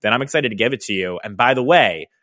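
A young man hosting a podcast, telling a story in a casual, animated way with lots of fillers. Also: mid-range voice, fast, no room sound, clean studio sound. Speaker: podcast host, hairstylist business educator.

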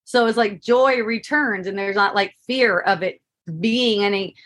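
A woman's voice: mid-range voice, unhurried, fairly bright tone. A middle-aged woman telling a personal story in a casual spoken monologue, laughing often and asking "right?" to keep the listener with her.

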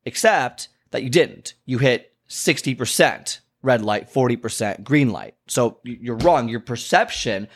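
A man who works as a fitness and health coach, talking casually to camera about why people miss their goals. He tells stories animatedly, keeps checking in with "okay?" and "you know", and jumps up in pitch when he acts out conversations. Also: measured pace, few pauses, breathy edge. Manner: animated storyteller, acts out clients and himself with big pitch jumps. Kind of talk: casual talking-head advice.

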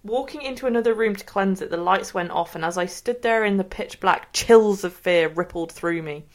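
A woman's voice: mid-range voice, moderate pace. Giggly woman reading a story aloud. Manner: reads dramatically, breaking into giggles.

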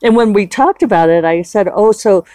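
A woman's voice: medium pitch, normal speed, mellow, no echo. A woman in a casual, rambling chat who laughs often as she talks through her week. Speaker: author and vlogger.

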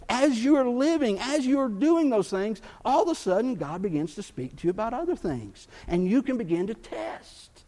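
A man preaching to his church in a high, bright-toned voice. He builds his points with rising emphasis and slips into quoted prayers and doubts as he goes. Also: normal speed. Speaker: pastor. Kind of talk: sermon.

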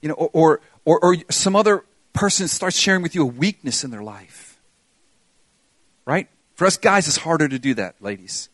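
A man's voice: a little high, animated, normal speed, a bit bright, no room sound. A middle-aged man preaching a sermon, reading scripture aloud with feeling and repeating key phrases. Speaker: pastor.

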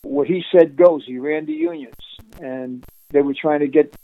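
An animated man tells a streetwise story in a casual interview, laughing often and restarting his sentences. His voice sits fairly high for a man, and the sound is dry and close. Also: moderate pace, vocal fry, no room sound, poor audio. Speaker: interviewee recounting undercover work.

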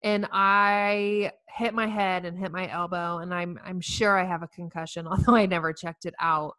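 A woman, giving a heartfelt inspirational talk to women, telling stories with earnest warmth and self-mocking humor. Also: lowish voice, fairly even intonation, moderate pace, dry recording. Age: 40s. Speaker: speaker addressing women facing infertility.

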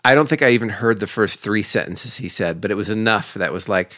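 A man's voice: on the low side, brisk, hardly any pauses, no room sound, studio quality. A man co-hosting a podcast, telling a funny story in casual chat with lots of laughter and acted-out voices. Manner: animated, laughing storyteller acting out quoted voices. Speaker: podcast co-host.

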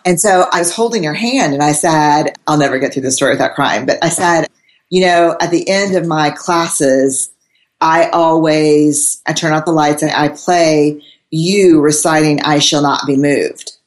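A woman guest, a researcher and academic, telling lively anecdotes in casual conversation, quoting others and laughing often. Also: sits low, a little slow.

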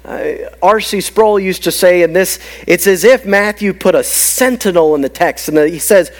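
A man preaching a sermon as pastor, emphatic and dropping to a hush for key points. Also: high voice, normal speed, few pauses. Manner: emphatic, swinging from loud to hushed.

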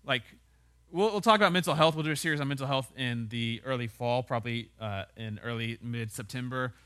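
A man's voice: medium pitch, fairly quick, a bit bright. A man preaching a conversational sermon as a pastor. He speaks in a casual, wry way and keeps checking in with tag questions.

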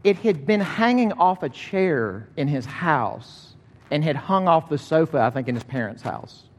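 A middle-aged man preaching a sermon, conversational and animated as he tells a story. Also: on the high side, a little slow. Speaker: pastor. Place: church sanctuary. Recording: long reverb of a large hall.

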